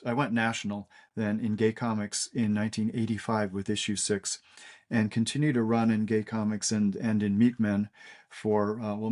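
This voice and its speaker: Halting older man telling stories. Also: lowish voice, darkish tone. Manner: halting, many fillers and restarts. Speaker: cartoonist guest. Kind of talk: casual interview storytelling.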